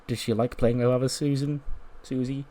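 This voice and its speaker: A man's voice: medium pitch, little pitch movement, normal speed, mellow, lightly acted. A man voicing a creepy, playful male children's-show host who talks in a coaxing, sing-song way.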